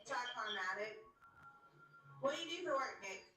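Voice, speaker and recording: A woman with a high, very bright voice, chatting quickly and casually on a livestream. She sits well back from the mic in a very echoey room. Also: animated. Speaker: app streamer. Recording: echoey and distant.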